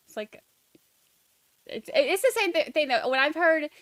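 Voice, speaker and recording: A woman's voice: sits high, animated, slow. A young woman with a Southern US accent hosting a casual livestream, chatting loosely and reading viewer comments aloud. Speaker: livestream host.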